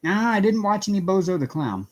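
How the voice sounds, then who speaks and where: A man's voice: high-pitched, big pitch swings, fairly quick, a little mellow. A middle-aged man hosting a casual craft livestream from home, chatting with viewers, greeting them by name and laughing often. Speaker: livestream host.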